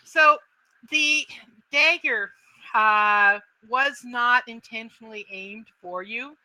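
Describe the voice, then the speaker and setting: Woman game master, very bright tone, dry close sound, step-by-step narration. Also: on the high side, takes it slowly, no room sound, rough recording. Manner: describes actions step by step, searching for words.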